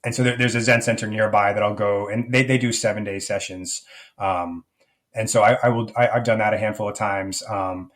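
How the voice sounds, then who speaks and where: A man's voice: on the low side, fairly even intonation, a little fast, a bit bright. A middle-aged man speaking as a life coach guest in an interview, thoughtful and searching, often restarting his sentences. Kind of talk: reflective conversational interview.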